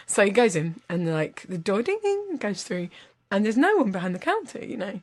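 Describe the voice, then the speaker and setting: A woman's voice: mid-range voice, big pitch swings, brisk. A woman, rambling through a long joke on a podcast and correcting herself as she goes. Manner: rambling, playful, self-correcting. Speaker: podcast host telling a joke. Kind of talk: casual storytelling.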